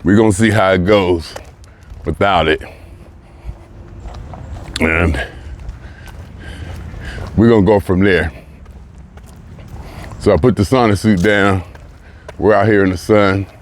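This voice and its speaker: A man with a fairly low voice talks to his camera as he walks outdoors in the sun, a little breathless. His thoughts wander and he circles back to restart his sentences. Faint traffic and outdoor noise sit behind him. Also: fairly even intonation, slow, long pauses. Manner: rambling, reflective, restarts phrases. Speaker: vlogger. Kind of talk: casual spoken monologue while walking.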